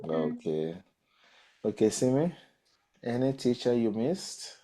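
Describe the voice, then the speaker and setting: A male podcast host who questions children slowly, leaving gaps and turning each question around several times before he lets it go. His dark, mellow voice rises and falls widely as he talks. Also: mid-range voice, very animated. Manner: halting, rephrases and repeats his questions. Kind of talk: interviewing children.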